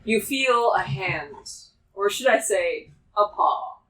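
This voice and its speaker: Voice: mid-range voice, takes it slowly, pushed and bright, distant mic, poor audio. A game master narrating a tabletop game in a casual way, full of fillers.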